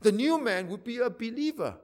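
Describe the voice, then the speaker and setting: A pastor preaching a sermon, repeating phrases for emphasis and swinging from loud to quiet. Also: male voice, very high-pitched, expressive, brisk.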